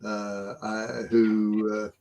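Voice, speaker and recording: A man's voice: lowish voice, monotone, extremely slow, darkish tone. A middle-aged man co-hosting a casual game chat, laughing often and hesitating with fillers. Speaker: co-host.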